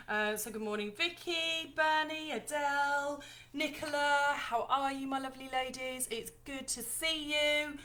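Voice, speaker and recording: A woman's voice: a little high, bright, forceful tone. A woman hosting a casual live stream, chatty and bubbly, talking straight to her viewers. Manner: chatty, bubbly, apologetic, addresses viewers as lovely ladies. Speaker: live-stream host launching her ebook.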